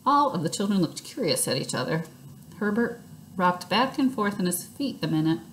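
A woman reading a children's book aloud in lively first-person storytelling. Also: mid-range voice, normal speed, a little hiss or hum.

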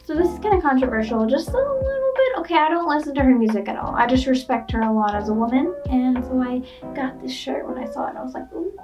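A woman's voice: high voice, animated, fast talker. A young woman vlogger chatting playfully through a clothing try-on haul, full of "like" and "okay?". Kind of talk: casual try-on haul chat. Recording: muffled and distant with background music.

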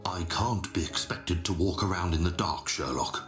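Nervous loyal sidekick, very deep voice, music in the back. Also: male voice, moderate pace. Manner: earnest, nervous, deadpan. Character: Watson, timid loyal sidekick. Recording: game audio, echoey with music.

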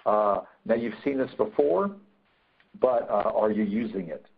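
Creaky, husky, and a little slow, this lowish male voice belongs to a negotiation trainer leading a webinar. He speaks emphatically, circles back to his core points, and fills his speech with fillers; the audio is tinny like a phone call.

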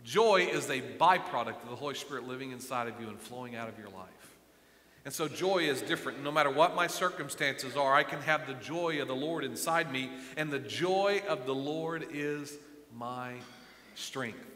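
Male pastor, middle-aged, bright piercing voice, passionate sermon, echoey church hall with long reverb. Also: medium pitch, expressive, moderate pace. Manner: passionate, swings from quiet to loud. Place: church sanctuary.

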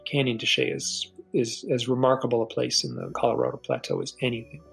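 Gravelly, husky middle-aged man recounting a story. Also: medium pitch, animated, a bit bright, soft background music, rough recording. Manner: earnest, halting, repeats words when starting sentences. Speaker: podcast guest. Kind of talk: personal storytelling.

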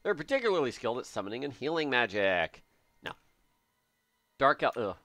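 A man streaming a game who thinks aloud and jokes as he goes. His pitch jumps around a lot and his voice is bright. The sound is dry and close. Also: a little fast, dry recording. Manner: excitable, joking, thinking aloud. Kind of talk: live gameplay commentary.

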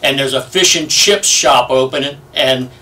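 A man in his seventies telling stories in an oral history interview, lively and full of fillers. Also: mid-range voice, moderate pace. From United States. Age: 70s. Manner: lively anecdotal storyteller, many fillers. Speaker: Navy veteran interviewee. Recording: distant from the mic.

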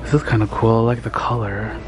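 A man hosting a casual vlog, gushing and excitable, talking straight to viewers while filming on a handheld camera. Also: lowish voice, fast talker, very noisy. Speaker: vlogger host. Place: thrift store, then home kitchen.

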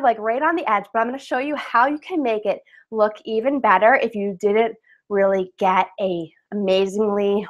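A woman hosting a casual live craft webinar from home on a webcam, chatty and upbeat, with fillers and laughs. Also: mid-range voice.

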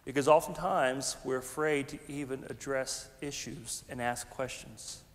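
A man, a pastor preaching a conversational, animated sermon with folksy asides. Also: medium pitch, unhurried, slight background noise. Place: large church sanctuary. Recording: long hall reverb.

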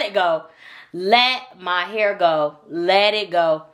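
A woman's voice: medium pitch, very animated, extremely slow, long pauses, fairly bright tone. A woman making a casual home vlog, coaxing her baby in sing-song baby talk and chatting to viewers at home. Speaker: vlogger and mother. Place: home with wood and tile floors.

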